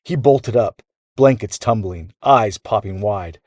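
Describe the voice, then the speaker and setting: A man with a low, deep voice narrates a children's bedtime story. He tells it in a lively, animated way, recorded close and dry. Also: takes it slowly, no room sound.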